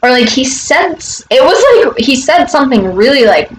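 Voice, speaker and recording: A woman's voice: high voice, big pitch swings, moderate pace, slight background noise, poor audio. A young woman vlogger telling a casual story outside her front door, rambling with many fillers and swearing.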